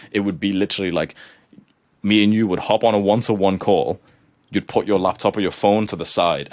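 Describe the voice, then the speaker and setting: A man with a deep voice coaches a class in a live lecture to students, speaking casually with lots of fillers. As he pushes his point he gets heated and starts swearing. There's no room sound.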